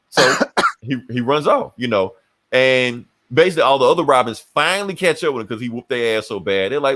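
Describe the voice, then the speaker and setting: A man's voice: mid-range voice, animated, fast talker, a bit bright. A man hosting a podcast, casually retelling a comic book story and acting out the characters' lines. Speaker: podcast host.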